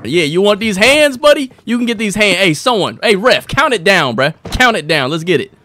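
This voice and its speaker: A man's voice: high voice, big pitch swings, a little fast, sharp tone, a little hiss or hum. A young man giving hyped gameplay commentary, announcing like a ring host and trash-talking. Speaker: gaming streamer.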